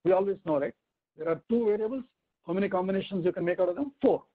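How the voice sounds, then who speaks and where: Man teaching over a tinny line. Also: high voice. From India. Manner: explains step by step, asking rhetorical questions and reciting Sanskrit verses slowly. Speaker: teacher of a scripture class. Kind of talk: weekly online scripture lesson.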